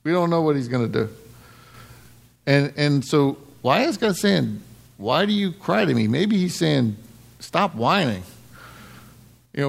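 A middle-aged man giving a casual, conversational sermon to a congregation, laughing often and jumping up in pitch when he acts out lines. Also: creaky. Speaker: preacher.

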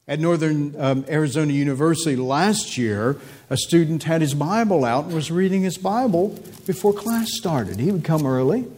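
A man preaching a sermon, emphatic, repeating phrases and climbing in pitch for stress. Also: a little mellow, husky.

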